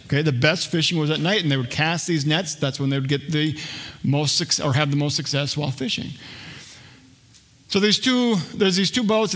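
Conversational preacher, a man, slightly high voice. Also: a bit bright. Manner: conversational, jokes with the congregation. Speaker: pastor. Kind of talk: sermon. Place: church.

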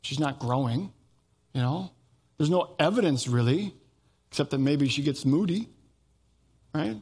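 A middle-aged male pastor preaching a sermon with animated storytelling, acting out the voices of people in his stories. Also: a little high, measured pace, husky.

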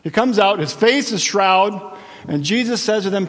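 A male pastor delivers a sermon in a slightly high voice, moving between storytelling and playful asides. His words ring out with a long reverb, as in a church hall. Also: normal speed. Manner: animated storytelling with asides and jokes.

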